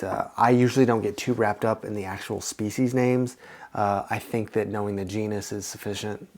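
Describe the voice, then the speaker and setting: A man's voice: lowish voice, a little mellow. A young man hosting a casual plant-care vlog, talking in a rambling, friendly way with lots of fillers and restarts. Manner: chatty, rambling, lots of fillers and self-corrections. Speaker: plant channel host.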